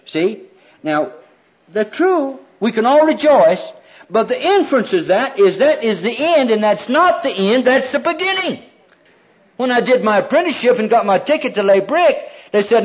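A man's voice: very high-pitched, lively intonation, measured pace, slightly rough. An older man preaching a sermon, quoting scripture with folksy, self-deprecating humor, on a dull lo-fi recording.

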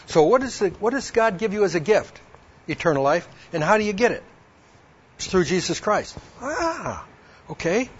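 In a dull, lo-fi recording, a man with a husky, high-sitting voice gives a testimony to women, voicing both sides of a past exchange and reading verses. His pitch swings widely while his pace stays moderate.

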